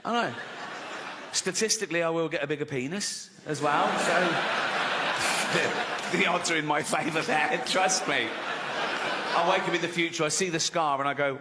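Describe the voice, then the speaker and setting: A man's voice: fairly high pitch, fairly quick, pauses often. A man doing stand-up comedy, telling chatty stories and chuckling at his own jokes. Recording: long hall reverb, faint noise.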